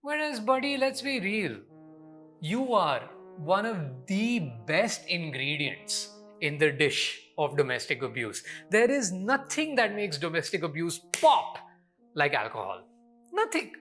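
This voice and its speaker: A man's voice: fairly high pitch, very animated, unhurried, fairly bright tone, soft background music. A young Indian man, a comedian hosting his show, delivering a scripted commentary rant with exasperated sarcasm.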